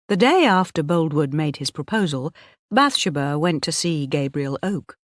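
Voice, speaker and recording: A woman narrating an audiobook for English learners, reading slowly, clearly and expressively. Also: sits low, lively intonation, no echo, clean studio sound.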